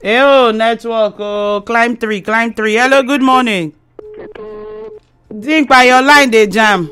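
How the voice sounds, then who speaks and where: A woman's voice: fairly high pitch, slow pace, clear, resonant tone. A Nigerian woman hosting a morning call-in radio show, bantering in pidgin with callers. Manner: warm pidgin banter, short replies to callers.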